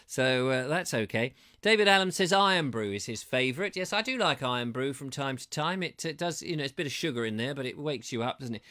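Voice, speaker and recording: A man's voice: mid-range voice, bright, forceful tone. A middle-aged man from England hosting a casual livestream, reading out viewers' comments and chatting in a rambling, jokey way with playful wordplay. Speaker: host reading live chat comments.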